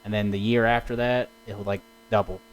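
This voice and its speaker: Easygoing young man, low voice. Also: level tone, a little fast, rough recording. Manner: easygoing, hesitant, many fillers. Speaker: podcast co-host. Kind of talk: casual chat.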